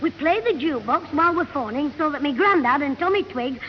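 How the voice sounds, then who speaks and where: A cheeky young schoolboy with a shrill, very high voice bosses and teases his slow friend. It is 1960s radio comedy acting, heard through a dull, lo-fi old broadcast recording with a faint hiss. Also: lively intonation. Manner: bossy, quick-witted, teasing.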